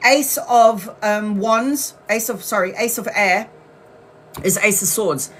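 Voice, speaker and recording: Bright-voiced woman reading tarot live. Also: medium pitch, takes it slowly, a little hiss or hum. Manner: casual, blunt, swears when frustrated. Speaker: tarot reader.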